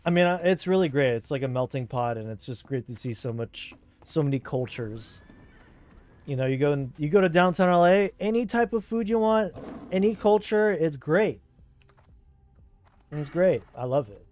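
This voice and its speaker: A man's voice: on the high side, lively intonation, normal speed, a little mellow. Laid-back Southern Californian streamer guy. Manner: rambling, laid-back, full of fillers. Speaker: game streamer. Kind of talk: casual chat while gaming.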